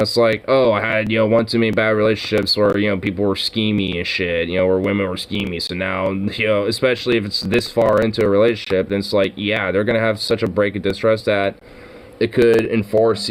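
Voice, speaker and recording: A man's voice: on the low side, little pitch movement, fairly quick, a little hiss or hum. A man hosting a casual chat, rambling with lots of fillers and swearing. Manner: rambling, full of "you know" fillers, swears. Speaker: podcast host.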